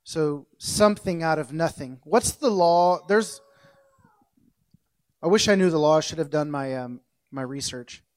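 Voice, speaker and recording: A man with a fairly high voice preaches in a relaxed, conversational way. He jokes about his own mistakes and stops to correct himself, like he is talking to friends rather than a crowd. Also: measured pace. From central United States. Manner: jokey, self-correcting, loosely conversational. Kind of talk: casual sermon.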